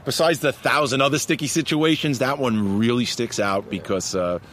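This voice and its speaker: A man's voice: mid-range voice, moderate pace. A man with a Long Island accent, a basketball referee telling stories in a casual interview and often tossing in "man". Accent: Long Island New York. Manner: animated, laughs often, says "man" a lot. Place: outdoors in a park, traffic behind. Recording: faint outdoor traffic noise.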